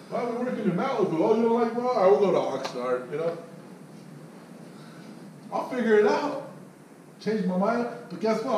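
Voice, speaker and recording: A man leading his sales team in a loud, blunt, profane pep talk. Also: fairly high pitch. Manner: loud, blunt, swearing, mocks others in put-on voices. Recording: echoey, distant mic with faint noise.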